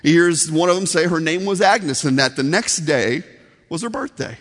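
Pastor preaching in a reverberant hall. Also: male voice, on the high side, moderate pace, a bit bright. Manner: storytelling, earnest and conversational. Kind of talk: sermon. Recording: long reverb of a large hall.

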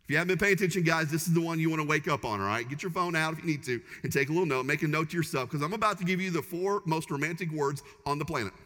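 A man's voice: on the high side, racing, hardly any pauses, sharp tone. A man in his forties, a pastor preaching a sermon in an emphatic, repetitive cadence in a church sanctuary. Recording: long reverb of a large church hall.

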